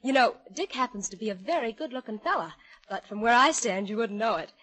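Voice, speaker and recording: Brief: female emcee, 1940s radio, chatty, slightly high voice. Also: lively intonation, brisk, fairly bright tone, breathy edge, rough recording. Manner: breezy, chatty address to troops. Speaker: mistress of ceremonies. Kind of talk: scripted 1940s radio variety hosting.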